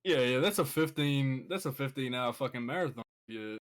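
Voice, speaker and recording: A man with a New Zealand accent co-hosting a podcast in loose, rambling chat. He swears freely and laughs easily, with ordinary pitch and range. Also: animated, fairly quick. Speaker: podcast co-host. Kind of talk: casual chat.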